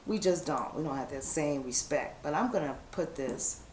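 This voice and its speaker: A woman's voice: low-pitched, animated, moderate pace, a little mellow. A woman vlogger, chatting straight to her viewers and reading a viewer letter aloud. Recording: echoey room with faint background noise.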